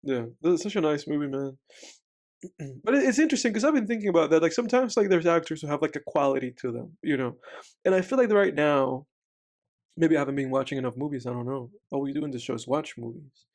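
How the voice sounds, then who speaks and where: Rambling man with a higher voice. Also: lively intonation, quick pace, darkish tone. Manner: rambling, full of "like" and restarts, laughs easily. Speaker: podcast co-host. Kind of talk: casual movie commentary chat.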